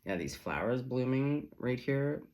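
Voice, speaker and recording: A man's voice: mid-range voice, animated, a little slow, darkish tone. A man giving a casual tarot reading in a sassy, chatty, profane manner. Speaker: tarot reader.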